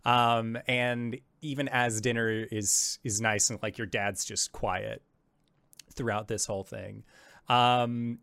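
A man's voice: fairly low pitch, creaky, fairly bright tone, no echo. A man narrating as game master of a tabletop game, rambling with lots of fillers.

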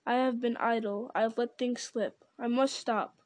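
A woman voicing an ancient, slow and grave male tree-giant in a storybook reading, speaking in a solemn, deliberate way. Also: fairly high pitch, fairly even intonation, a little mellow, no echo, lightly acted.

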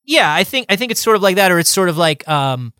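A man co-hosting a podcast in casual chat, talking in quick bursts with a playful, rambling manner. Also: sits high, sing-song, sharp tone, clean tone, no echo, studio quality. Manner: chatty, fast bursts, lots of "like" fillers, playful asides. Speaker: podcast co-host.

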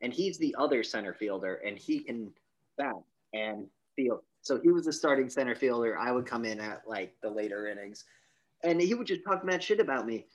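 Animated man telling a story. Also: medium pitch, moderate pace. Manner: animated, swears freely, acts out quoted voices. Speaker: podcast co-host. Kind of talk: casual storytelling chat.

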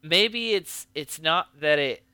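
A man co-hosting a casual podcast, his voice bright and smooth. He jokes around and restarts his sentences as he thinks aloud. The sound is dry and close. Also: fairly high pitch, lively intonation, slow pace, no room sound. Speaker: podcast co-host. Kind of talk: casual chat.

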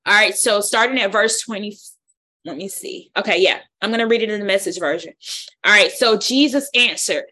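A woman leading a Bible study, preaching with a lively exhorting style and colloquial speech. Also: medium pitch, brisk. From United States. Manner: exhorting, call-and-response, colloquial.

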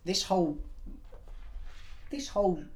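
A man's voice: high-pitched, animated, slow pace, a loud crowd. A man co-hosting a podcast, chatting casually, teasing and enthusiastic. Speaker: podcast co-host. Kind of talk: casual chat.

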